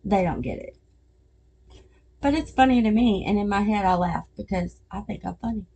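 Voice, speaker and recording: Middle-aged woman podcast host, warm low-key tone, chatty storyteller who laughs at her own jokes. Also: fairly quick, gravelly. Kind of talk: casual chat.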